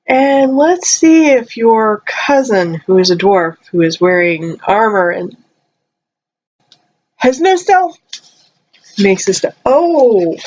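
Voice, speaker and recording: A young woman vlogger rambling casually, her voice jumping high when excited, her throat a little dry. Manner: chatty, rambling, animated with sudden high jumps. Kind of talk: casual chat. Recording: slightly dull lo-fi audio.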